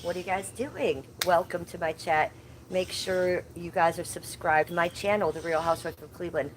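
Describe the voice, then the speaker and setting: Chatty woman livestreaming, lowish voice. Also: moderate pace, slight background noise. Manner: chatty, easily sidetracked, playful baby talk to animals. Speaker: livestream host. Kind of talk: casual livestream chat. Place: outdoors at home, yard with trees.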